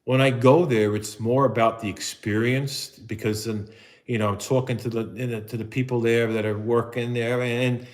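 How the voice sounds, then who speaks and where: A man's voice: mid-range voice, normal speed. A middle-aged man, chatting casually and at length on a live stream, rambling and poking fun at himself. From New Jersey. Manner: rambling, self-mocking, jumps into excited put-on voices. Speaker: vlogger doing a live stream.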